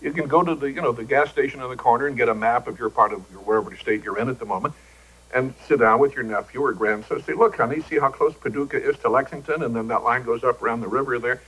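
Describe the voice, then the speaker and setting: A man's voice: medium pitch, fast talker, fairly bright tone, breathy edge, rough recording. Wry older man telling stories on TV. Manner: wry, joking raconteur acting out quoted voices. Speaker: talk show guest. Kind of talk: anecdotal talk show storytelling. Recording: old broadcast TV audio.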